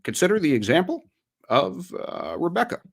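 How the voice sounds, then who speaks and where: A man putting on an impression of an older male politician, reading aloud in a measured, slightly Southern-tinged way. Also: high-pitched, wildly swooping pitch, gravelly, slightly rough, pitched above the performer's own voice, heavily acted. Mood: earnest.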